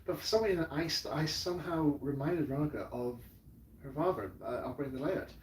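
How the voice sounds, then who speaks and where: A man's voice: fairly high pitch, fast talker, distant mic, slight background noise. A man telling a rambling, emotional story to camera as a model railway hobbyist, stumbling over restarts and repeated words. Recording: echoey room, voice off-mic.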